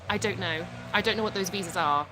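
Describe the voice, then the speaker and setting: Talking fast in a mid-range voice, this woman from the United Kingdom runs a relaxed live stream at home over a noisy background. She goes through viewers' comments out loud, replying candidly and frequently breaking into laughter.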